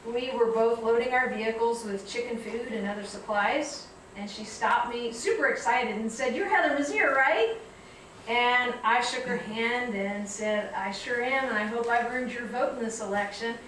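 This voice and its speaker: A woman giving a reflective public talk, telling stories in a measured way. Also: on the high side, steady tone, fairly bright tone, very echoey, distant mic, slight background noise, poor audio. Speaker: guest speaker. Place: lecture hall.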